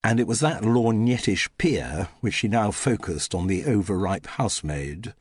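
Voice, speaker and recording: Male audiobook narrator, husky and dry, wry measured delivery with a lively pitch. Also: dry recording. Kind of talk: scripted narration.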